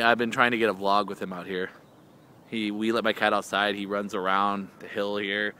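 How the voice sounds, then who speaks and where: A man vlogging outdoors in a yard, rambling in a goofy, casual way and talking to his cat in a high, excited voice now and then. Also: slight background noise.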